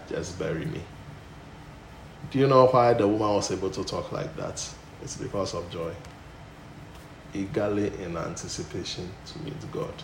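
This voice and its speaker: A man preaching a sermon, swinging from emphatic loud bursts back down to low, quiet delivery. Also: creaky. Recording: echoey room with faint noise.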